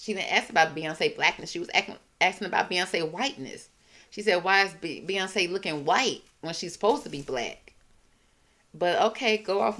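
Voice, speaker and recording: A woman's voice: on the low side, fairly bright tone. A woman hosting a casual commentary show, reacting in a sassy, mocking way. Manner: sassy, mocking, drawn-out emphasis. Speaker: commentary channel host.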